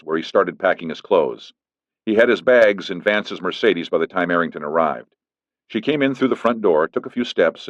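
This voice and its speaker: A man narrating an audiobook in a steady, even reading. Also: deep voice, dry recording. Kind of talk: scripted narration. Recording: dull lo-fi, dry studio.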